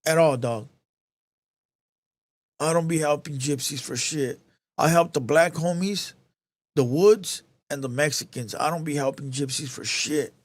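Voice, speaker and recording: A man's voice: on the high side, a little slow, long pauses, no room sound. A man hosting a live show, telling a heated, profane story in casual street slang, repeating himself as he goes.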